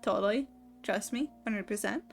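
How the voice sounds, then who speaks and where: A woman's voice: medium pitch, moderate pace, vocal fry. A woman streamer in a casual late-night chat, rambling and giggling often.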